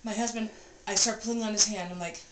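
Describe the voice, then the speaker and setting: A woman vlogger in a cabin room, telling a personal story in an animated, breathless way and repeating phrases for emphasis. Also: medium pitch, quick pace. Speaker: vlogger recounting an experience. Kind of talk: casual storytelling. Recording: roomy room with clear background noise.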